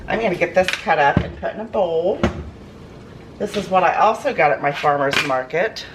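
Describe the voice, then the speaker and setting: A woman whose voice sits on the low side chats at normal speed to the camera in her home kitchen. This home cooking vlogger is folksy and gushes over fresh food, while pots and dishes clatter noisily around her.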